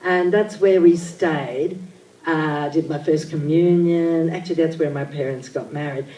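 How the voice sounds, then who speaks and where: An older woman, telling childhood stories in an animated, theatrical way at a live on-stage interview. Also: deep voice, unhurried. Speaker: interview guest. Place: event venue with audience. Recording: echoey hall, mic at a distance.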